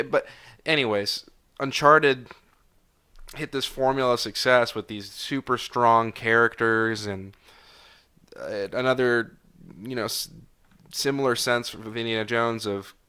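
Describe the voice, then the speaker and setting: A young man in his twenties hosts a solo podcast in a loose, rambling way, full of filler words and restarts. His low-pitched voice is crisp and bright, with a slightly tired edge. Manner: rambling, frequent fillers and self-corrections. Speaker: podcast host. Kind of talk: casual solo review chat.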